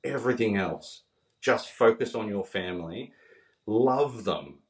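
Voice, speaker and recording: A man's voice: lowish voice, lively intonation, measured pace, reverberant, far from the mic. A man, a podcast guest telling heartfelt stories in conversation. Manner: earnest, heartfelt, quoting others as he tells stories. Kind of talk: emotional storytelling in conversation.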